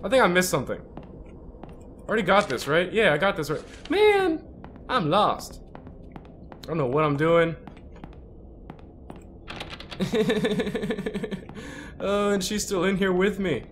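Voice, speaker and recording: Jumpy, high-voiced man yelling through a horror game. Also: very animated, slow, long pauses, slight background noise. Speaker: gaming channel host.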